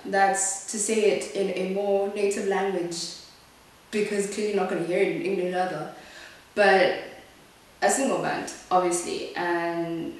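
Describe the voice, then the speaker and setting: A young woman from South Africa chatting frankly while doing her makeup, her voice rising sharply when she gets upset. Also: on the low side. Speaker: beauty vlogger. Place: small echoey room. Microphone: camera mic at a distance. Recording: echoey room, distant mic.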